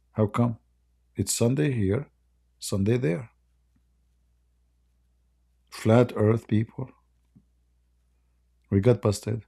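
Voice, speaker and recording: A man with a dark, gravelly voice hosts a casual livestream, trading sarcastic jabs and laughing at his own mockery. His tone is husky and a little hoarse, as if he is losing his voice. He speaks close to a desk microphone. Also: lowish voice, takes it slowly, pauses often. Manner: mocking, sarcastic banter with frequent laughter. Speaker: livestream debate host.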